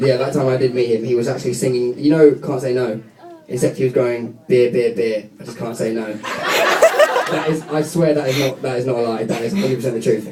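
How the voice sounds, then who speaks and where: A young British man, a guest singer, chatting and joking through a casual fan Q&A in a radio studio. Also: medium pitch. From Britain. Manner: chatty, giggly, jokey. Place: radio studio room with a live audience. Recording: echoey room, distant mic, crowd noise.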